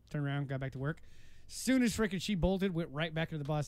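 Fast-talking high-voiced man telling stories. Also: clean tone, no room sound. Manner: animated, swearing, acts out voices in his stories. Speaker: podcast host. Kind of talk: casual storytelling chat.

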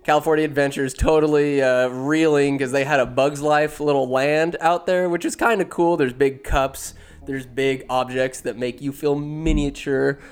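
A man's voice: a little high, steady tone, normal speed, hardly any pauses, clean tone. Rambling, profane young guy ranking movies. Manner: profane, rambling, self-deprecating jokes. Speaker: solo movie-ranking streamer. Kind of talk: casual rambling commentary.

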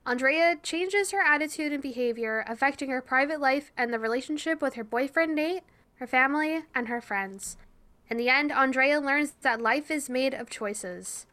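A young woman co-hosting a podcast in casual chat, playful and quick to laugh. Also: high-pitched, bright, forceful tone. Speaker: podcast co-host.

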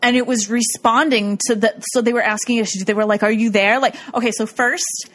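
A woman's voice: on the high side, fairly even intonation, brisk, fairly bright tone. A woman casually recapping a show in a rambling way, full of "like" and frequent laughter. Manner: rambling, lots of "like", bursts of laughter. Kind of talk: casual chat recapping a ghost-hunting show.

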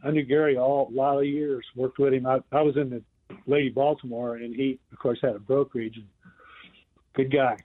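A man's voice: medium pitch, level tone, brisk. Older man reminiscing over a phone line. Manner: rambling, reminiscing. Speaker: radio caller. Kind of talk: casual phone call-in chat.

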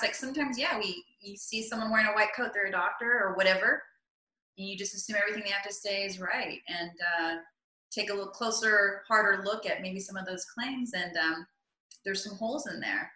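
Woman, podcast guest, bright tone, thoughtful, hesitant, roomy echo. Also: mid-range voice, brisk. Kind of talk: casual chat. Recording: echoey room.

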